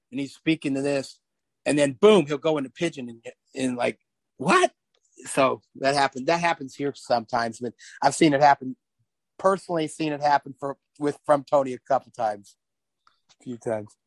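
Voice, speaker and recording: An older man talking as a podcast guest in a rambling, animated way, laughing often as he tells stories. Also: on the high side, dry recording. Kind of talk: casual interview chat.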